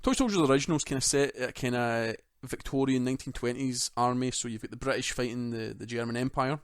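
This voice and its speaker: Excitable man gushing about games. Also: mid-range voice, fast, smooth, dry recording, clean studio sound. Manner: enthusiastic, joking, swears freely. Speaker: podcast co-host. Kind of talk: casual gaming podcast chat.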